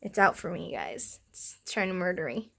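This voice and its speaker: A young woman vlogging in a casual, chatty way, giggling often and filling her talk with "like" and "um," with a slightly rough morning voice. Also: on the low side, lively intonation, normal speed, pushed and bright, slight background noise. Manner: chatty, giggly, lots of fillers. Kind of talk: casual vlog chat.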